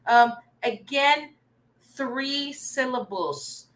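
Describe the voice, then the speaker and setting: A woman's voice: mid-range voice, lively intonation, takes it slowly, sharp tone, low-quality recording. A young Filipino woman teaching an online reading lesson, coaxing and praising her students as she goes. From Philippines.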